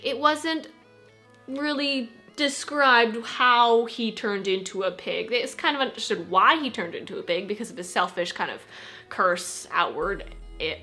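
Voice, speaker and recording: A woman's voice: medium pitch, bright, forceful tone. A woman guest on a film review, talking casually and chattily with lots of qualifiers. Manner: chatty, with fillers and repeated qualifiers.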